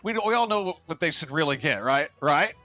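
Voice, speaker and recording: A greedy, pushy councilman in a tabletop game, put on by a man, squeaks high and rushes his words as he wheedles. Faint music plays under the voice. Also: expressive, pushed and bright. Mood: wheedling.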